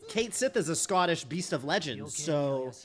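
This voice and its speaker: A man's voice: a little high, very animated, normal speed. A man streaming a game, chatting casually in a rambling way full of fillers and restarts. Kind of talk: casual chat while streaming.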